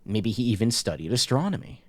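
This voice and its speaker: A man streaming a horror game, reading the on-screen notes aloud and tossing in joking asides in a casual, relaxed way. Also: on the low side, fairly quick.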